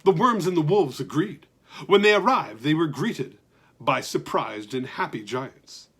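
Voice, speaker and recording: A man reading a children's story aloud with lively, expressive narration. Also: on the high side, a little slow, breathy edge.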